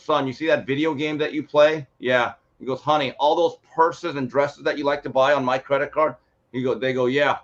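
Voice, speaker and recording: A man on a sports talk show, telling stories and acting out quotes with lively energy. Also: mid-range voice. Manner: animated storyteller acting out quotes. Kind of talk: casual sports talk, storytelling. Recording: muffled lo-fi sound.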